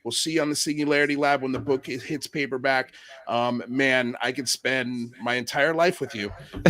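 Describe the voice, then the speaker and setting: A man's voice: mid-range voice, steady tone, moderate pace, crowd noise. A man hosting a livestream show, chatting in an effusive, enthusiastic and playful way. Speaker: podcast host. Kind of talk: casual livestream chat.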